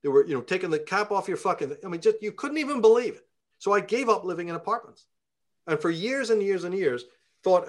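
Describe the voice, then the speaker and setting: A fiery man from Belfast, Northern Ireland, speaks in a high, animated voice with a Belfast accent, talking a little fast. As an interviewee telling casual stories, he swears profanely and rants heatedly.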